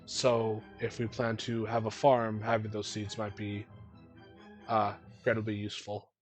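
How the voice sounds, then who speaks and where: A man's voice: lowish voice, completely flat delivery, normal speed, faint music behind. A man running a tabletop game as game master, narrating scenes casually with lots of fillers.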